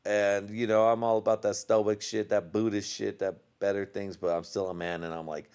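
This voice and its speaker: A slightly low-voiced man rambles through a casual podcast monologue, cursing freely and breaking into laughter. He sounds a little tipsy, loose and unfiltered as he talks straight to his listeners. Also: flat delivery, moderate pace, hardly any pauses, darkish tone, smooth. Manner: profane, rambling storyteller with bursts of laughter. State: tipsy from drinking. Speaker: podcast host.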